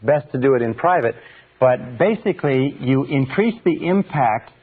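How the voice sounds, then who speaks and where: A man speaking at a mid pitch, delivering a motivational seminar with emphatic repetition. The sound is thin and tinny, like an old recording heard down a phone line. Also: animated, normal speed, husky. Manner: emphatic, repeats phrases for stress.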